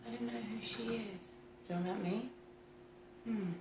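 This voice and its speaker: A woman's voice: medium pitch, fairly even intonation, a little slow, background noise. A woman in her thirties hosting a casual home cooking livestream. She chats, giggles and reads viewer comments aloud while baking. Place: home kitchen, indoors. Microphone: camera mic at a distance. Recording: roomy kitchen from a distant mic.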